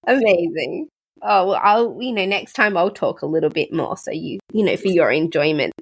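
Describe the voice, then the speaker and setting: A woman's voice: on the low side, lively intonation, normal speed, husky. A woman hosting a podcast interview, asking questions and speaking earnestly and effusively. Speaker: podcast host. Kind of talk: casual interview.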